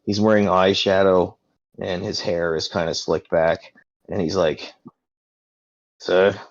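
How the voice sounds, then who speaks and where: Deep-voiced casual game master. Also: male voice, steady tone, unhurried, dry recording, muffled recording. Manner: casual, loose, filler-heavy narration. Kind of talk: narrating a tabletop game.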